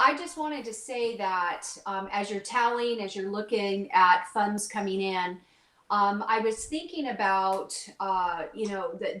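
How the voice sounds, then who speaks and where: A woman guest on a livestream, speaking in a heartfelt, halting way. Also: medium pitch, a bit bright, reverberant. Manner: heartfelt and emotional, with hesitations. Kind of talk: casual video call chat.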